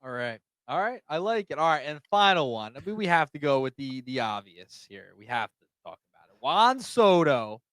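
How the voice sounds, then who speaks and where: A man's voice: fairly high pitch, big pitch swings, moderate pace, fairly bright tone, smooth, dry recording. A man co-hosting a casual sports podcast. He quizzes his partner with prediction questions. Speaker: podcast co-host.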